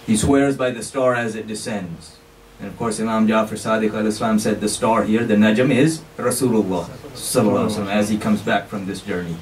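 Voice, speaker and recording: In a lowish, steady voice, a man speaks fast with few pauses during an explanatory mosque sermon. His tone is conversational, peppered with "you know" and Arabic phrases. The mic sits far off and there's faint background noise.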